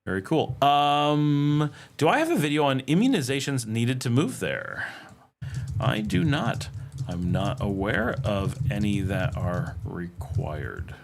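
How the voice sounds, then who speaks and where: A man's voice: medium pitch, animated, takes it slowly, creaky, noisy background. Rambling middle-aged man hosting a live Q&A. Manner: rambling, frequent ums, reads viewer questions aloud. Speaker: livestream host answering chat questions. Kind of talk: casual live Q&A chat.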